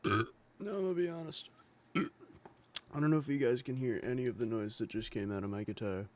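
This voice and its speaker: A man's voice: mid-range voice, normal speed. A young man streaming casually, rambling between guitar playing with lots of swearing and mumbled filler.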